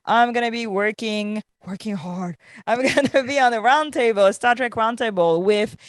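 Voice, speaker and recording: A woman's voice: on the high side, moderate pace, no room sound, clean studio sound. A woman with a French accent co-hosting a podcast, chatting in a loose, laughing way with many fillers; she sounds tired. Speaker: podcast co-host. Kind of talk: casual podcast chat.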